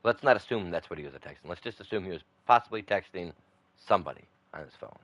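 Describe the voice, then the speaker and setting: A man's voice: low voice, expressive, fast talker, fairly bright tone, dry recording, dull audio. A man chats away while streaming a farming game. He rambles loosely from one story to the next. His talk is full of folksy slang and friendly asides to his viewers. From northern Michigan, USA. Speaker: gaming streamer. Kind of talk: casual chat while gaming.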